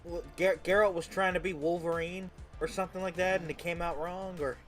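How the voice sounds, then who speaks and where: A man's voice: high-pitched, steady tone, a little fast, a bit bright, faint music behind. A man on a gaming podcast in casual chat, asking incredulous questions.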